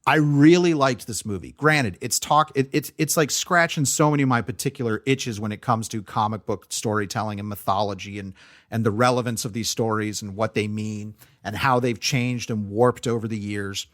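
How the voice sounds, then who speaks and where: A man's voice: fairly low pitch, normal speed, a bit bright. Rambling man reviewing movies. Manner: rambling, frequent fillers and restarts. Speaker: podcast co-host. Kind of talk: casual movie review chat.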